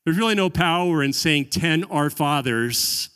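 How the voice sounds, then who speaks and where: A man preaching a sermon as pastor, earnest, dropping softer when he voices quoted prayers. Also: a little high, lively intonation, measured pace, clean tone, in a large hall.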